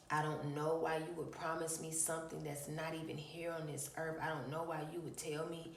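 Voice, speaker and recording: A woman's voice: sits low, creaky, echoey room, distant mic, a little hiss or hum. An adult woman, telling a personal spiritual story to viewers, emphatic, repeating phrases and calling them y'all.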